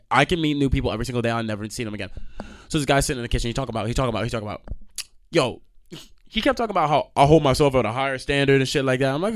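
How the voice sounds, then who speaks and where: Young dude podcast rant, cussing a lot, voice swings all over, gets loud out of nowhere. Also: male voice, mid-range voice. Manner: animated, profane, storytelling with loud outbursts. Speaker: podcast host. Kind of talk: casual solo rant.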